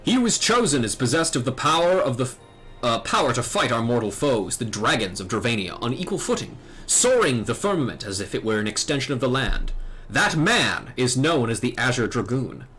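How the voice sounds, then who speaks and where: A man's voice: mid-range voice, sing-song, brisk, a bit bright, breathy edge, soft background music. A man voicing a grave, formal older knight who once taught dragoons, read out from a game. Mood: solemn. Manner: formal, grave storytelling delivery.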